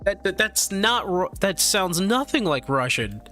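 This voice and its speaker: A man's voice: high-pitched, big pitch swings, unhurried, sharp tone, faint music behind. A man streaming live, chatting casually and animatedly with his viewers, laughing often and tripping over his words.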